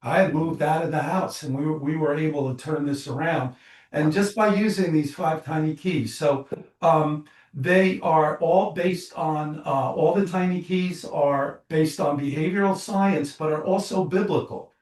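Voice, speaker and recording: A man guesting as a psychologist and author tells stories in an animated, restless way, stumbling through fillers and restarts. His voice sits a little high for a man. It rings in an echoey room and is picked up from some distance. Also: unhurried. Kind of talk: interview storytelling.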